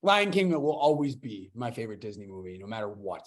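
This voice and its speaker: A man's voice: lowish voice, very animated, a little fast. Enthusiastic young man hosting a podcast. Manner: enthusiastic, rambling with restarts. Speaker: podcast host. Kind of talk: casual podcast chat.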